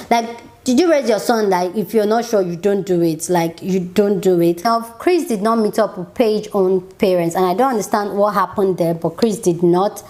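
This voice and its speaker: A woman's voice: mid-range voice, normal speed, darkish tone. A woman giving a casual, opinionated reaction review of a TV show, chatty and exasperated, with frequent "like" fillers.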